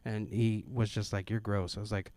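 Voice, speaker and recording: A man's voice: on the low side, flat delivery, fairly quick, darkish tone, dry recording. A man in his thirties doing a stand-up set at an open mic, telling family stories and briefly putting on voices for the people in them. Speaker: stand-up comedian.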